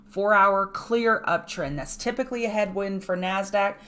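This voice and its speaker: A woman hosting a live trading show, walking viewers through charts in a brisk, emphatic way with chatty asides. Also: mid-range voice, a bit bright. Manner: brisk, emphatic, repeats key points. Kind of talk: live market chart analysis.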